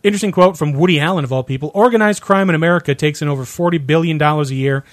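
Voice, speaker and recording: A man's voice: on the high side, racing, dry recording. A man from Ohio co-hosting a casual chat show, reading would-you-rather questions aloud and answering mildly with some stammering. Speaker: podcast co-host.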